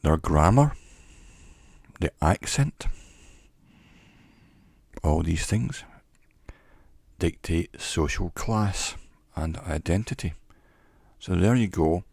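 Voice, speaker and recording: A man giving an educational talk in a measured, reflective way, pausing often between phrases. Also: low-pitched, lively intonation, creaky, darkish tone, slightly rough, dry recording, clean studio sound. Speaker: teacher. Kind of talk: educational monologue.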